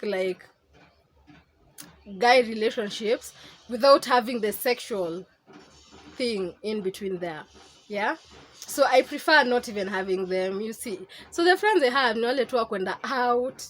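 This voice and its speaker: A woman's voice: a little high, poor audio. A young woman with a Kenyan accent, chatting candidly to camera in a casual vlog and slipping into Swahili slang. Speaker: vlogger.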